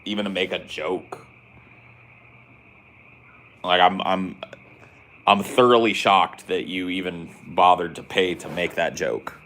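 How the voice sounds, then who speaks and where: A man's voice: low voice, steady tone, slow pace, long pauses, a bit bright. An American man hosting a podcast, ranting comedically in a sarcastic, profane way. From United States. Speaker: podcast host. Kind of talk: comedic rant.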